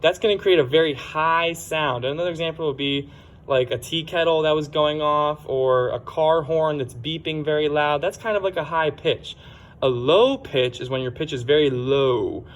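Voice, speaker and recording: A man's voice: on the high side, moderate pace. A man teaching a science lesson for children in a plain, explanatory way, sometimes correcting himself.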